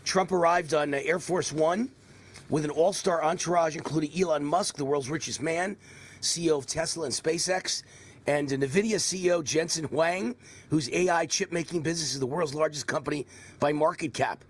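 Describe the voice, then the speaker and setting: Speaking at normal speed with a pitch on the high side, a man in his sixties hosts a live political talk stream. A faint New York accent colors his rambling, animated delivery and its mocking asides.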